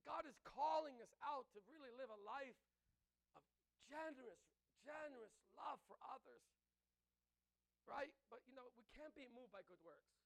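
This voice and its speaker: Fervent high-voiced preacher man. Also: lively intonation, moderate pace. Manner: fervent, repeats words and restarts often. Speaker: pastor. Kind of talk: sermon.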